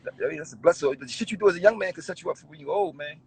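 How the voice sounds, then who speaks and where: A man's voice: on the high side, very fast, breathy edge, poor audio. A man, a rapper telling stories in a casual interview, swearing and laughing as he goes. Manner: animated, swearing, laughing storyteller.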